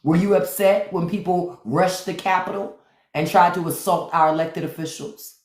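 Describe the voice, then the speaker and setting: A woman's voice: on the low side, fairly even intonation, moderate pace, darkish tone. Sassy blunt woman livestreaming in a roomy echo. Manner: sassy, blunt, brushes off trolls. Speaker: livestream host. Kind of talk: unfiltered live-stream chat. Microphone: phone for a live stream.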